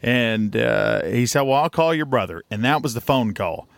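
A man's voice: medium pitch, lively intonation, moderate pace, gravelly, smooth, no room sound. A man, co-hosting a podcast and telling a rambling road story in a folksy, casual way. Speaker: podcast co-host.

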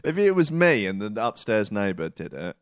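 Podcast co-host, jokey and teasing, expressive pitch. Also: male voice, normal speed, dry recording, clean studio sound. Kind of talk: casual chat.

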